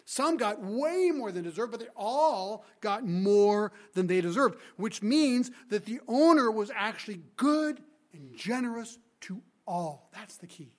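A man preaching a sermon as a guest speaker, retelling the story with lively energy and asking the congregation rhetorical questions. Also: sits high, measured pace, hardly any pauses. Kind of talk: expository sermon.

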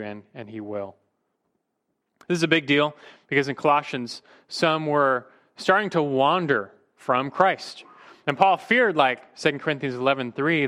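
A man's voice: medium pitch, a bit bright. A male pastor preaching a sermon emphatically, his voice rising and dropping for emphasis, sometimes restarting a word mid-phrase.

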